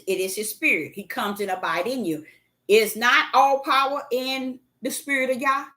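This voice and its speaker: Bright-voiced woman preaching a sermon. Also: on the high side. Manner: repetitive, emphatic, many fillers and restarts. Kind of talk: sermon teaching.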